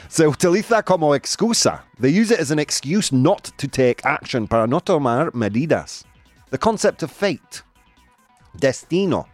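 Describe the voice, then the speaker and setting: A man's voice: medium pitch, no echo. A man hosting a live show in casual chat, playful and laughing, mixing in Spanish phrases. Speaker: host of a live daily show. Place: studio in Madrid.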